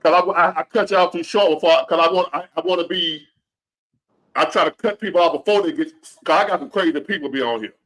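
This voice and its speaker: Brash man hosting, bright voice. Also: on the high side, quick pace. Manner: brash, blunt, joking. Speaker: host. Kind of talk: casual talk-show chat.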